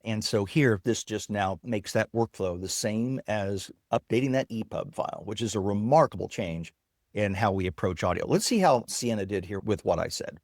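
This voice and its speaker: A man with a lowish voice eagerly walks through a software demo as an interview guest. He explains things step by step in a dry, close-miked recording. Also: lively intonation, moderate pace, dry recording. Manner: enthusiastic, explanatory. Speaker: guest technologist. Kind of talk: casual interview with screen demo.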